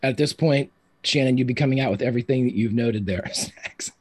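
A man narrating as game master of a tabletop game, describing scenes in a relaxed way with fillers. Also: mid-range voice, fast talker, slightly rough.

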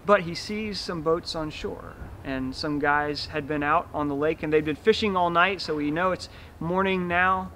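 A man's voice: on the high side, normal speed, bright, forceful tone, a little hiss or hum. A man preaching a sermon as pastor, retelling a scene vividly and acting out the dialogue.

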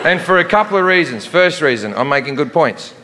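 A middle-aged man performing profane stand-up comedy, swinging from shouting to muttered asides. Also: fairly high pitch, animated, fairly quick. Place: large theater with a live audience. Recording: live concert recording in a reverberant hall, audience laughter. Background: crowd laughter and room noise.

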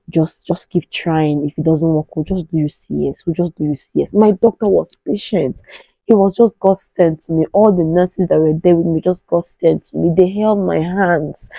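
Nigerian woman, 30s, vlogger telling a story; dark, husky voice, dry lo-fi sound. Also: no echo. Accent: Nigerian English. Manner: animated, acts out quoted pleas in a higher voice. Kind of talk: emotional personal storytelling.

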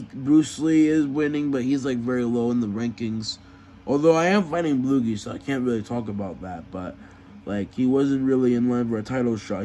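A man's voice: medium pitch, dark tone, a little hiss or hum, voice pushed down, close to an everyday voice. A man doing Bowser Jr, a foul-mouthed cocky young fighter. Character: trash-talking young male turtle prince fighter, cocky. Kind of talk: mock fight press conference.

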